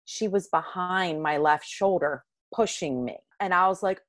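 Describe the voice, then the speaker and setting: Guest, woman, 50s, lively storyteller, low voice, dry close recording. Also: unhurried, no echo. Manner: animated, acts out quoted lines. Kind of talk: personal storytelling.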